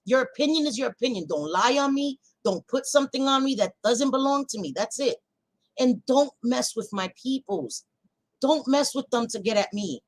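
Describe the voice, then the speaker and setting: A woman's voice: high voice, animated, moderate pace, rough recording. Profane, fiery woman ranting at her chat. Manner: profane, fiery, swings from shouting to quiet. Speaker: livestream host. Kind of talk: heated casual rant to live chat.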